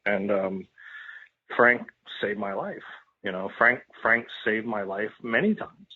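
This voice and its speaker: Taking it slowly in a lowish voice, a man tells a raw personal story as a podcast guest. He gets emotional, repeats himself, and swears freely. The tinny, phone-like recording has a little hiss or hum.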